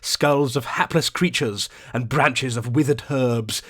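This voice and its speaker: A man reading an audiobook aloud in a measured, dramatic, atmospheric narrating style. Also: mid-range voice, fairly bright tone. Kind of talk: scripted storybook narration.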